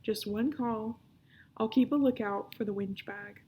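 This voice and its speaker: A woman's voice: on the high side, measured pace, mellow, slight background noise, natural voice. A woman reading as Amber, a no-nonsense girl. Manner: teasing, no-nonsense. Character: sharp-eyed girl at a hotel front desk.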